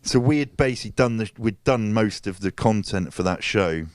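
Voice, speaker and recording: A man's voice: lowish voice, moderate pace, a little mellow. A man telling a story in casual chat. He swears freely and acts out other people's lines. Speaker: guest.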